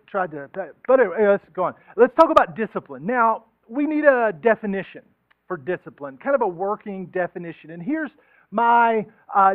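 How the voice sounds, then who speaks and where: Casting: male pastor, high voice, easygoing joking sermon, dry thin phone-like recording. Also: no room sound. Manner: joking, conversational, acts out quoted voices. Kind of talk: casual sermon. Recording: tinny phone-like sound.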